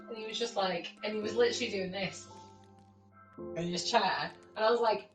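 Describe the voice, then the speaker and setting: A woman's voice: mid-range voice, normal speed, reverberant, distant mic, soft background music, poor audio. A young woman, a teacher, telling stories in casual chat, swearing and laughing often and acting out the people she quotes. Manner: animated storytelling, acting out quoted people with a raised voice.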